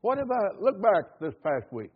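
A man preaches a sermon with impassioned fervor, firing repeated rhetorical questions at the congregation and reading scripture in an old-fashioned cadence. His high, sing-song voice has a breathy edge and a moderate pace, and the recording sounds tinny, like a phone.

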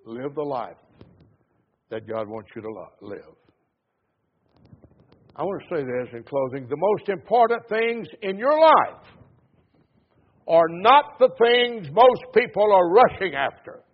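A man delivers an emphatic sermon in a high-pitched, husky voice. He presses hard on key words and lets his endings sink low and quiet. The sound is thin and tinny, as if heard over a phone line. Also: lively intonation, slow pace, pauses often. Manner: emphatic preaching that swings between loud stresses and low trailing endings. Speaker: preacher.

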